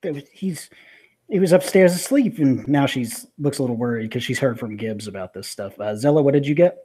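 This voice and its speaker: A man's voice: medium pitch, expressive, fairly quick, dark tone, slightly rough. A man narrating as game master of a tabletop game, casual and hesitant with many fillers.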